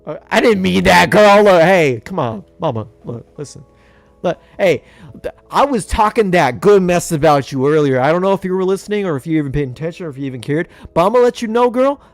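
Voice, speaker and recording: A young man giving jokey commentary over a video game playthrough, talking to his characters with big swings in pitch. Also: animated, a little fast, no room sound, soft background music. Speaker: gaming YouTuber.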